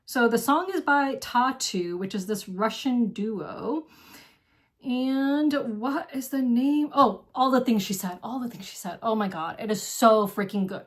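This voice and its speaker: Woman board game vlog host, casual and effusive, talks in rushing "like"-filled gushes. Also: mid-range voice. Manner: gushing and effusive, heavy use of "like". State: single, lives alone.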